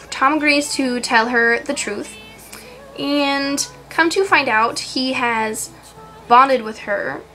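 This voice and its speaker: Brief: woman author, bright higher voice, rambling casual chat, faint music behind. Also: poor audio. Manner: scatterbrained, many fillers and throat clearing. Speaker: novelist.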